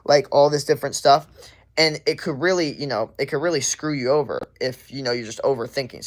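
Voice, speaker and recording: A man's voice: medium pitch, vocal fry. A young man working as a fitness coach, talking in a casual livestream and giving rambling advice full of fillers and little acted quotes.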